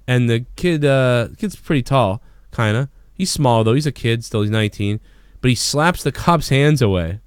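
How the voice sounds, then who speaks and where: Podcast host, male, smooth clear voice, dry close sound; excitable, swears freely, rambles through his anecdote. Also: mid-range voice, no room sound. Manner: profane, rambling, excitable storyteller. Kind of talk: casual storytelling.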